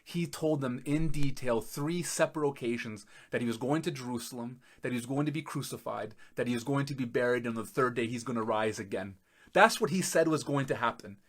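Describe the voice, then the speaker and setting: A man preaching a sermon as pastor, emphatic, laughing in disbelief and swinging between loud and soft. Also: medium pitch, fairly quick. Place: church.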